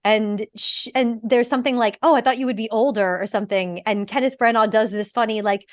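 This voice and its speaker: Woman, podcast co-host, excited casual review chat, mid-pitched voice, dry sound. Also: fairly quick, hardly any pauses, no echo. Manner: gushing, animated, swears.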